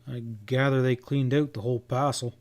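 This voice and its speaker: A man's voice: medium pitch, fairly even intonation, normal speed, a little mellow, close to an everyday voice. A man doing a folksy squat cowboy. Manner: folksy western drawl, exclamatory. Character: squat cowboy rider, male, brash.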